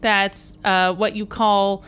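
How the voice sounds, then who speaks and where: A woman's voice: mid-range voice, flat delivery, slow pace, a bit bright, clear, resonant tone. A woman co-hosting a casual movie podcast, chatting with hesitant fillers. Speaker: podcast co-host.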